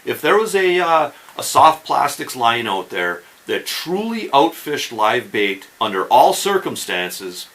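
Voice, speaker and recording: A man's voice: medium pitch, big pitch swings, unhurried, few pauses, a bit bright, rough recording. A man hosting a fishing channel, explaining tips in a casual instructional talk and often checking in with the viewer. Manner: chatty, keeps checking in with "okay?" and "right?".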